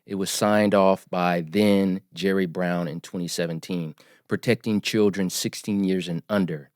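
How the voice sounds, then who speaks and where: A man in his forties, a podcast guest, telling his story in an earnest, emphatic, measured way. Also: low voice, fairly even intonation, darkish tone, no room sound, studio quality. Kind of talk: storytelling interview.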